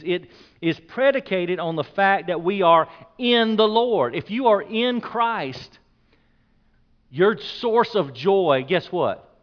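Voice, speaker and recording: A man preaching a sermon as pastor, emphatic, repeating key points and dropping his voice low on the words he stresses. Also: dull audio.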